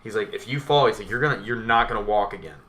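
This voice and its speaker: Bright-voiced young man telling a story. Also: on the low side, fast. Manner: animated, swears a lot, dramatic retelling. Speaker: podcast co-host. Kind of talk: casual storytelling over beers.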